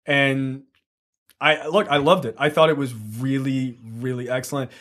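A man's voice: medium pitch, steady tone, moderate pace, fairly bright tone. A man co-hosting a casual movie review podcast, talking enthusiastically and swearing freely.

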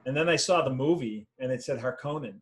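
A man, a fantasy author, telling lively anecdotes in a casual conversation over a video call, acting out the voices of people he quotes. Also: medium pitch, quick pace. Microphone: video call mic.

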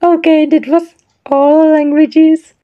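High-voiced, amused woman sounding out words. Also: flat delivery, slow pace. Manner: amused, giggly, apologetic about pronunciation. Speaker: channel host. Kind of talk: casual word pronunciation vlog. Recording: dull lo-fi recording.

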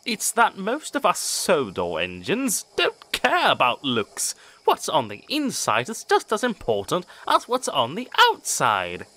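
A man's voice: mid-range voice, huge pitch swings, a little slow, voice pushed up, full character voice. Edward, a man doing a kind older steam engine. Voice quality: gentle, reassuring.

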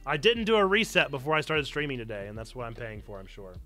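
A man's voice: mid-range voice, very animated, fast talker, pushed and bright, soft background music. A man hosting a casual live stream, chatting playfully with viewers and poking fun at himself. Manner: playful, self-mocking, chatty asides to chat. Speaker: streamer and church community host. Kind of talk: casual live-stream chat with reading aloud.

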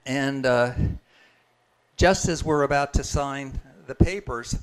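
A man's voice: mid-range voice, slow, smooth. A man sharing a personal testimony in a casual, conversational storytelling way, chuckling and restarting his sentences as he goes. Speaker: guest speaker sharing a testimony.

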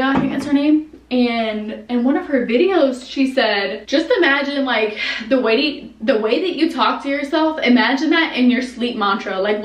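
A young woman chatting casually to the camera in an animated vlog at home, often talking to herself. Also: fairly high pitch. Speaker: vlogger. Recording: echoey room, camera at a distance.

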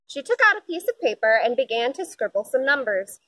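Woman reading a kids' book, high bright voice, animated, dry close sound. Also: moderate pace, hardly any pauses, no echo, poor audio. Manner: expressive, lively storytelling. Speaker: storybook reader. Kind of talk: children's picture book read-aloud.

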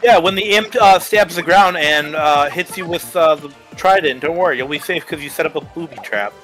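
A man eagerly explaining game mechanics in casual group chat, with bursts of excitement. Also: on the high side, brisk, low-quality recording. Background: game music.

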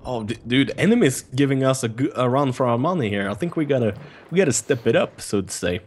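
A man's voice: medium pitch, fast. A man from Sweden with a Swedish accent, chatting casually and joking while playing a shooter with a friend. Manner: joking, laughs often, excitable. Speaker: gaming YouTuber. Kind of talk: casual gameplay chat. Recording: gunfire and game noise behind.

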